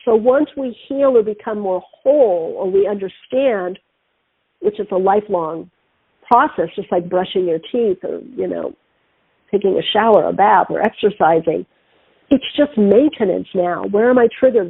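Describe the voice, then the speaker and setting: A middle-aged woman talks through a narrow, phone-like line with a dry, close sound. Her voice is a touch high and breathy. She hosts a spiritual talk show and tells stories animatedly. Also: normal speed, no room sound. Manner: animated, acts out quoted voices. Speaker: radio show host.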